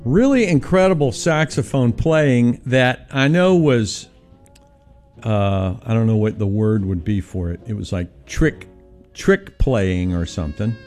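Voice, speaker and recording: A man sits in as a regular on a radio show, talking in a loose, meandering way and losing his thread. His voice sits at a middle pitch but moves a lot. Faint music plays underneath. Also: lively intonation, measured pace, a little mellow. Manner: meandering, chatty, trails off mid-thought. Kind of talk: casual radio banter. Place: radio studio.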